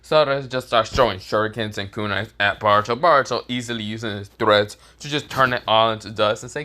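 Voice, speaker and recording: A man's voice: fairly low pitch, a little fast, few pauses, sharp tone. A man casually telling a fan-made story, rambling, searching for words and laughing at his own jokes.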